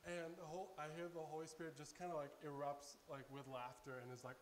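Man, slightly high voice, preacher telling stories in an easygoing sermon, earnest and excitable. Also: quick pace, hardly any pauses, a little hiss or hum, poor audio. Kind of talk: casual sermon storytelling.

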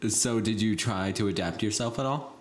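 A man's voice: lowish voice, normal speed, roomy sound. A man co-hosting a casual chat, joking and playful. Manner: joking, playful, laughs often.

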